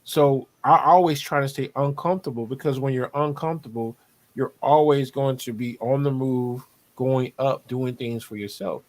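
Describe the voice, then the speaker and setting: A man's voice: medium pitch, fairly even intonation, moderate pace. A man, talking on a video call as a podcast co-host, preachy and motivational, repeating his points. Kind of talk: casual panel talk over video call.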